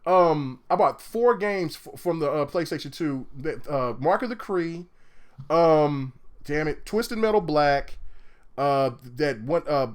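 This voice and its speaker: A man's voice: on the high side, slow, smooth. A man with a Southern US accent hosting a casual gaming podcast, telling rambling stories full of restarts. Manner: animated, rambling storyteller with many restarts. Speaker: podcast host.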